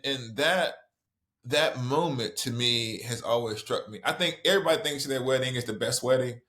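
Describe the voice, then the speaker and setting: A middle-aged man from the American South with a Southern accent, an author guest telling a story in conversation, lively and full of restarts. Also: medium pitch. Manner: animated, quick storytelling with many restarts.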